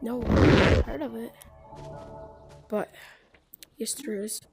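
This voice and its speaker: A woman giving casual gameplay commentary with excitable, bossy trash talk. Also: on the high side, takes it slowly, creaky, over loud music. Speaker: gamer.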